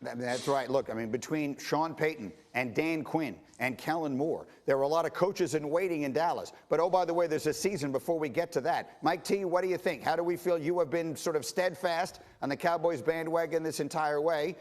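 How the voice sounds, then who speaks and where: A man's voice: fairly high pitch, fairly quick, few pauses, darkish tone. A man hosting a morning TV sports panel, steadily handing questions to his guests. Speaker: TV show host.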